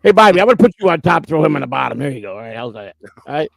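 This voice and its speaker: A man's voice: on the high side, very animated, racing, gravelly, dry recording. A man hosting a casual live stream, joking and teasing as he reads chat messages aloud on a streaming mic. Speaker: host.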